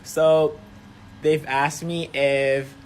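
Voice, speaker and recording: A man from the Dominican Republic speaking in an amused, brisk way. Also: fairly high pitch, little pitch movement, slight background noise. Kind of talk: casual talk.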